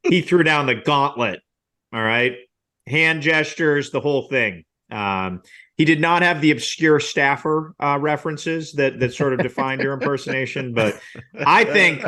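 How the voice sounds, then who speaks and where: A man's voice: mid-range voice, normal speed, pushed and bright. A man co-hosting a sports podcast, rambling and poking fun at himself with lots of fillers. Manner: rambling, self-deprecating, many fillers. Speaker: podcast co-host. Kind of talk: casual sports podcast chat.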